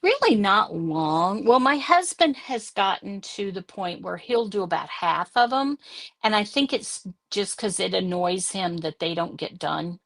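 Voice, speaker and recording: Slow, rambling woman chatting casually. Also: mid-range voice, animated, gravelly, fairly bright tone. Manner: rambling, unhurried storytelling. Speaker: podcast host. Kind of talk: casual chat.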